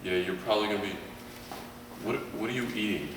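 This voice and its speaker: Deep growly cop barking orders, guy faking it, fast, roomy and far off. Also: background noise, lightly acted. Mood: stern. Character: gruff deep-voiced male arresting cop.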